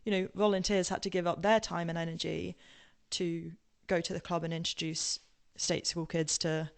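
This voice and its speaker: Brief: young English woman, posh southern accent, low gravelly voice, rambling storyteller. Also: flat delivery, normal speed. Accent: southern English, now posh-sounding. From England. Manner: rambling with many ums and tangents, laughing. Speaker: podcast guest. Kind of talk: casual personal storytelling.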